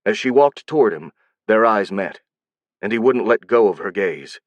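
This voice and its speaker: A man reading an audiobook in a steady, even scripted narration. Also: on the low side, normal speed, no echo, lo-fi sound.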